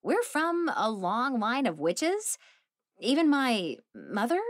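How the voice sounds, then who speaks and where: A woman's voice: a little high, huge pitch swings, takes it slowly, no room sound, clean studio sound, voice pushed up, exaggerated voice. Woman voicing a dazed, disbelieving young woman. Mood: incredulous. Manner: incredulous, questioning.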